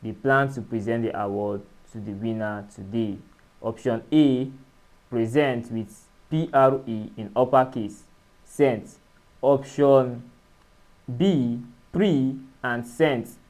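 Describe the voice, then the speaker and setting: Guy going through exam questions, slow and careful, spells out letters, mid pitch. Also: fairly even intonation, a little mellow. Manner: measured, spells out letters and syllables. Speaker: exam tutor. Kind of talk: exam-prep lesson.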